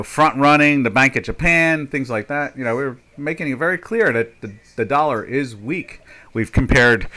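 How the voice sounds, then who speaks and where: Older male trading host, bright tone, rambling and sarcastic, live webinar chat. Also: mid-range voice. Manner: rambling, sarcastic, mimics media voices. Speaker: market analyst host.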